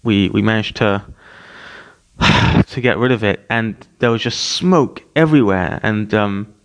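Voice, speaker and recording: A man in his thirties hosting a podcast, telling a personal story in a casual, animated way with many restarts and fillers. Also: lowish voice, unhurried, smooth. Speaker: podcast host.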